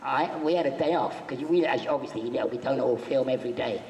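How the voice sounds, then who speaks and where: A man with a medium-pitched, brisk, slightly mellow voice guests on a convention panel, sharing jokey, chatty anecdotes with a live audience and acting out the quotes. The convention hall is echoey, with faint background noise.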